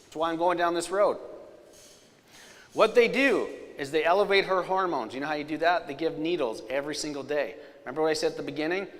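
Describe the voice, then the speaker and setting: A man giving a live storytelling safety presentation, energetic, with loud punchlines and quiet, serious asides. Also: fairly high pitch, a little fast. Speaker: safety speaker. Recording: long hall reverb.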